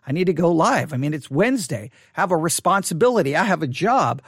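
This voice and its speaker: A man in his forties with a fairly high voice, speaking to his online audience. His delivery is earnest and halting, with frequent restarts and repeated words. The recording is close and dry, with no room echo. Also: sing-song, slightly rough. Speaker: online Bible teacher. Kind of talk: personal monologue to an online audience. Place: empty church sanctuary.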